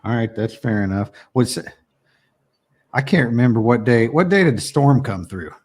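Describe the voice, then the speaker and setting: A man's voice: medium pitch, lively intonation, moderate pace, slightly rough. Teasing man bantering on a podcast. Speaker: podcast co-host. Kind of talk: casual chat.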